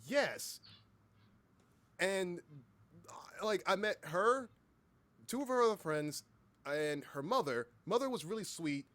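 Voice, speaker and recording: A young man chatting on a casual livestream, telling an excitable story with halting restarts and the odd swear word. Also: high-pitched. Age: young adult. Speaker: streamer and voice actor.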